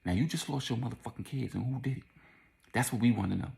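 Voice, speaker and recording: A man's voice: mid-range voice, fast, creaky, slightly rough, pitched above the performer's own voice, heavily acted. A man doing a whispering, menacing crooked cop. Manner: hushed threatening whisper, profane.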